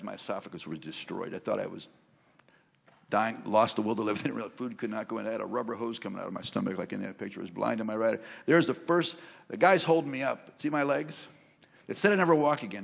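A man with a rough, fry-edged voice delivers a sermon and personal testimony. He tells his stories with humor and then lifts into loud, emphatic preaching. The sound carries the long reverb of a large church sanctuary. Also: mid-range voice. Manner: animated, joking storyteller who rises to loud emphasis. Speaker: guest preacher.

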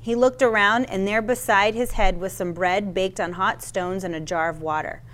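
A woman's voice: mid-range voice, steady tone, normal speed, a bit bright. A woman giving a sermon, reading a Bible passage aloud with casual asides and stumbles over names. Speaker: Bible teacher.

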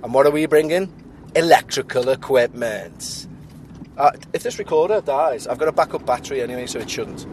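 A man's voice: on the high side, fast talker, few pauses, a little mellow, slight background noise. A playful man hosting a ghost-hunting vlog, chatting and reading out spooky local lore while riding in a car. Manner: jokey and playful. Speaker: vlogger and ghost-hunt host. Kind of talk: casual chat and reading out notes. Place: moving car.

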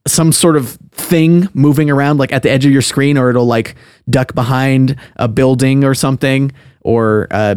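A man's voice: clear, resonant tone, no room sound. A young man talks loosely about games he has played, filling gaps with "like" and "uh". His voice sits in a middle register. The sound is dry and close. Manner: rambling, many fillers, acts out game lines in a high voice. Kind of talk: casual chat about games.

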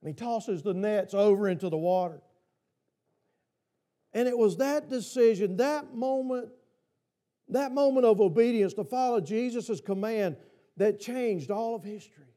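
In a church, a pastor with a high, mellow, slightly slow voice preaches a sermon and keeps firing questions at his congregation.

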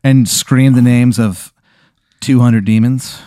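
A man's voice: mid-range voice, takes it slowly, no room sound. Rambling man spinning an absurd tale. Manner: rambling, full of "like" and "uh", deadpan absurd. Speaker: podcast host telling an absurd hypothetical. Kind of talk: casual improvised storytelling.

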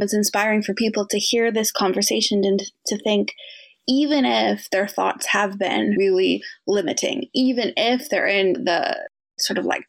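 A woman's voice: medium pitch, vocal fry. A woman hosting a casual interview, reflective and affirming. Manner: affirming, reflective, some restarts. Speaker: podcast host.

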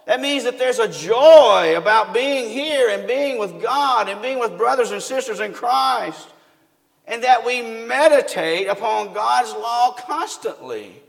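A man's voice: very high-pitched, expressive, unhurried, gravelly. Folksy preacher man in an echoing hall. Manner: folksy, asks the congregation questions. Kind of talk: sermon. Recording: long hall reverb.

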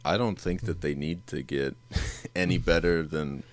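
A man's voice: a bass voice, fairly even intonation, unhurried, dry recording. A man co-hosting a podcast, chatting casually about movies, laid-back, swearing freely and laughing often. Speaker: podcast co-host.

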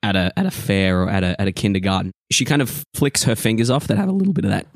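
A man's voice: on the low side, quick pace, no room sound, clean studio sound. A man narrating a tabletop game as game master, rambling and loose, with many fillers.

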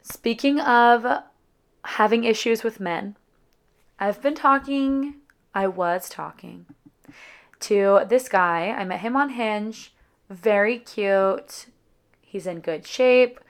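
A woman's voice: mid-range voice, slow pace, long pauses, clean tone. Chatty young woman telling a dating story. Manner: chatty, dramatic, lots of "like". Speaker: vlogger. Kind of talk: casual storytelling to camera.

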